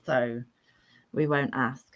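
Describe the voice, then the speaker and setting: A woman's voice: very deep voice, steady tone, takes it slowly, highs cut off, a crowd in the background. A woman hosting a casual livestream chat, reading viewer comments aloud and joking at her own expense. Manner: self-deprecating, laughs often. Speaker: livestream host.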